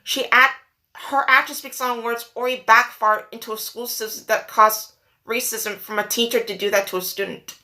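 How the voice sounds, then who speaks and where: Brief: woman vlogger, emotional rant, fighting tears, insistent repetition, fairly high and bright. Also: fairly even intonation, moderate pace. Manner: earnest, upset, repeats herself for emphasis. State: holding back tears. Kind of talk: emotional personal rant to camera.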